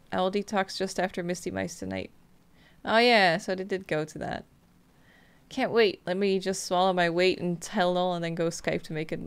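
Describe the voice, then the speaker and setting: A woman playing a video game, reading the on-screen text messages aloud in a flat, quick way between casual comments. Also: on the low side, vocal fry, clean tone. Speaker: gameplay streamer. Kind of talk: casual let's-play commentary.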